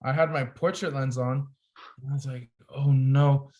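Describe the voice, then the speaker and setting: With a medium pitch and moderate pace, a young man who works as a photographer shares a story as a podcast guest, lively and relaxed, leaning heavily on "like."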